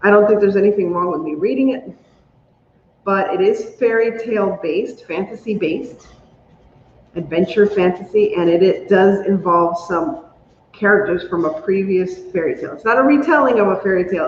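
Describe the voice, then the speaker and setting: A woman hosting a casual crafting livestream, chatty and excitable, squealing when she is delighted. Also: mid-range voice, normal speed. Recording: roomy, dull lo-fi sound with faint hum.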